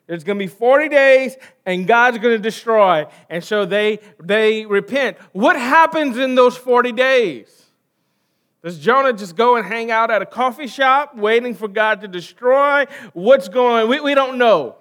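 An American pastor with a notably high voice delivers a sermon. He talks to the congregation in a loose, conversational way, throwing them questions. He leans hard on some words and lets others fall away almost to nothing. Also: animated, unhurried. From United States. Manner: dramatic shifts between loud emphasis and quiet trailing endings.

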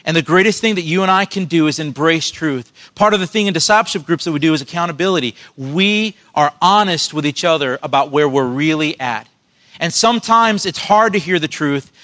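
Male pastor, slightly raised pitch, earnest preaching delivery with questions to the congregation. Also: a little fast, pushed and bright. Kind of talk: sermon.

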